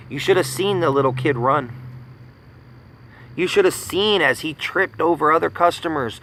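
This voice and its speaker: A man's voice: a little high, normal speed, sharp tone, slight background noise, rough recording. A man in his thirties from the United States giving an angry personal rant, indignant and profane, hammering points with repetition. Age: 30s. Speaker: vlogger ranting.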